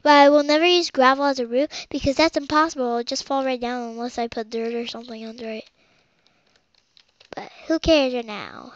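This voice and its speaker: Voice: high voice, fairly even intonation, a little fast, fairly bright tone, no room sound. A child rambling through game commentary as host of their own let's play, with muttered asides. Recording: dull lo-fi home recording.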